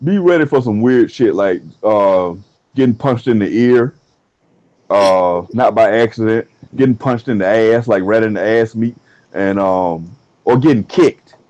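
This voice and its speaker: A man's voice: on the low side, unhurried, a little mellow, lo-fi sound. A man co-hosting a comedy podcast, rambling through profane, joking stories. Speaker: podcast co-host. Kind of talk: casual comedic banter.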